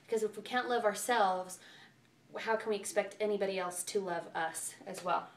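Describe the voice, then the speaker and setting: A woman's voice: mid-range voice, normal speed. A woman working as a self-love coach gives earnest, encouraging advice in a casual vlog, with lots of fillers. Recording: echoey room, far from the mic.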